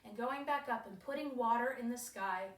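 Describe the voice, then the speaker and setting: A woman's voice: fairly high pitch, a little fast, natural voice. A woman playing a cheeky, carefree winged mermaid goddess, telling her story in first person with a breezy, giggly manner and frequent laughs. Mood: playful. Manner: giggly, breezy, laughs often between phrases. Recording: roomy echo.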